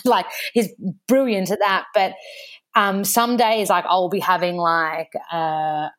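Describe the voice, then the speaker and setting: A young Australian woman chats as a podcast guest, her voice sitting a little low. She tells stories at a quick conversational clip, dropping "like" often and voicing quoted back-and-forths. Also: fairly even intonation, a bit bright. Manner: chatty storytelling, acting out quoted exchanges, frequent "like". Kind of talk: casual podcast chat.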